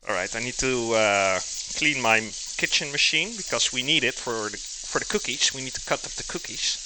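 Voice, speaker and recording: A man's voice: mid-range voice, animated, normal speed, background noise. A man, chatting casually with his viewers during a live cooking stream in his home kitchen and chuckling often.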